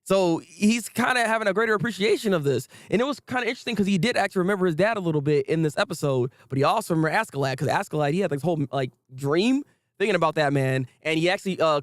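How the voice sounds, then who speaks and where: Young male host, excitable and slangy, fairly high voice, dry close sound. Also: dry recording. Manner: hyped, slangy, repeats himself, laughs often. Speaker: anime review host. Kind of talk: casual excited commentary.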